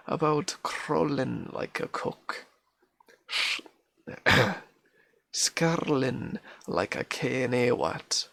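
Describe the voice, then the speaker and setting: A man putting on a broad Scots accent to recite a dialect poem in a loud, sing-song way. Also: mid-range voice, creaky, pitched above the performer's own voice, heavily acted. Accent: put-on Scots.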